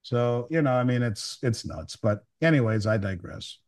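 A man's voice: medium pitch, animated, normal speed, darkish tone. A man speaking as a guest over a call, blunt and opinionated. He rambles and stumbles through restarts before landing his point. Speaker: precious metals dealer guest. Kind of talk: casual chat. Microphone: remote call.

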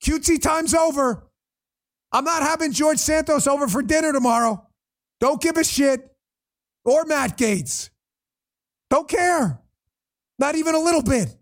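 A man with a very high-pitched, wildly swinging voice hosts a political livestream. He rants in a blunt, profane, exasperated way and talks straight to his chat. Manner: addresses viewers in the chat directly. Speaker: political commentary host. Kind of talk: livestream commentary rant.

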